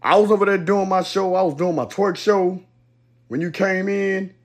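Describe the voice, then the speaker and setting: Higher-voiced man telling a story. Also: moderate pace. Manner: animated storytelling with fillers. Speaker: guest. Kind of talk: casual chat.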